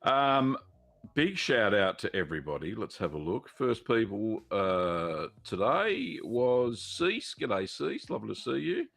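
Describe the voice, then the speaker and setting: A man's voice: lowish voice, big pitch swings, a little slow, gravelly, fairly bright tone. A middle-aged Australian man hosting a live cheese-making Q&A stream, chatting casually with many fillers and greeting viewers by name.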